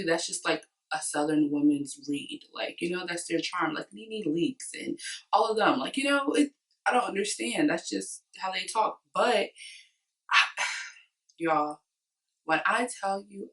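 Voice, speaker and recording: A woman's voice: lowish voice, recorded from a distance, poor audio. A young woman vlogger chatting casually and sassily, recapping a reality TV episode with lots of slang. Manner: animated, sassy, slangy recapping. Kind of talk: casual chat.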